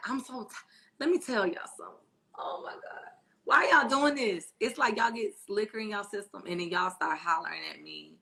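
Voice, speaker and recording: Brash, bright-voiced woman host. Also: fairly low pitch, gravelly. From born in Spain, raised in Florida and Texas. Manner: brash, teasing, swears freely. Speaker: livestream co-host reading comments. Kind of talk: casual live-stream chat.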